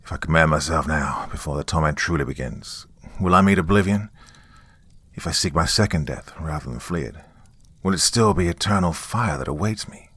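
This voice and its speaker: A man voicing a despairing, guilt-ridden priest in an audiobook, speaking softly and sadly. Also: very deep voice, fairly quick, breathy edge, dry recording, heavily acted. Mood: haunted. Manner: hushed and sad.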